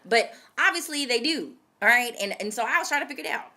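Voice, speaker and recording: Twenties woman vlogging, kinda high voice, really animated, telling the story straight to the camera. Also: fast talker. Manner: animated, dramatic storytelling that addresses viewers directly.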